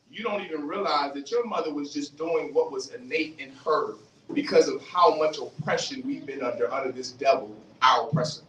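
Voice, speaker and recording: A man delivers a fiery, street-style religious lecture, animatedly questioning the audience and acting out voices. His voice sits on the high side and moves briskly, captured in a roomy recording from a distant mic with faint hiss.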